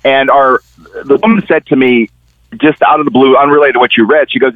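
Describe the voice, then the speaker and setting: A man's voice: medium pitch, steady tone, a little fast, no room sound. A middle-aged man, a newspaper columnist and guest, telling stories animatedly and acting out the people he quotes. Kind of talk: conversational political commentary. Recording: tinny phone line.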